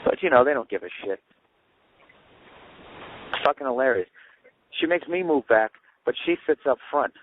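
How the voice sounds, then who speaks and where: A man's voice: mid-range voice, lively intonation, normal speed, long pauses, phone-quality sound, slight background noise. A man ranting sarcastically and profanely as a comedy podcast host, recorded in an airport waiting area on a phone. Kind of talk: rambling comedic rant.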